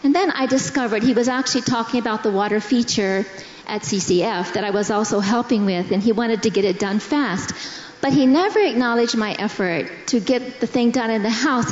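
A middle-aged woman tells a church congregation about her own faith in a slow, earnest voice. Her voice sits a little high. The recording is dull and carries the long reverb of a big hall. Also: slight background noise. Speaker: pastor's wife sharing testimony. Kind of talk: personal testimony in church. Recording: echoey hall, dull sound.

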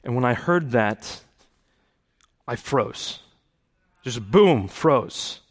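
A man's voice: medium pitch, expressive, drawn-out words. A man giving a sermon about his own conversion, telling it earnestly and rising to impassioned preaching. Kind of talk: testimony sermon.

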